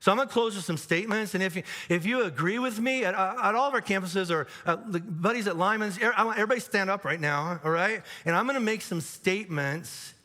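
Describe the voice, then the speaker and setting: Animated pastor in a reverberant church hall. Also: male voice, high-pitched, fast talker, hardly any pauses. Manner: conversational, animated, many restarts and asides. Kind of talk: sermon. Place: large church auditorium.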